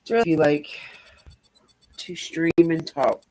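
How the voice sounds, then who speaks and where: Woman streamer, low voice, rambling casual chat with easy swearing. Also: slow pace, warm tone, rough recording.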